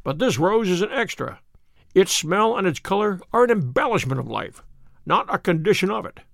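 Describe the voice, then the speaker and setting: A man voicing Sherlock Holmes, a musing, brisk male detective, in a dry read story. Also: high voice, big pitch swings, gravelly, dry recording, full character voice.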